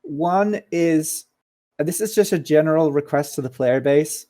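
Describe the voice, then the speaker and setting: A staff member speaks in a casual voice-chat meeting online, emphatically repeating his main point. His voice is fairly high-pitched and mellow, with a measured pace.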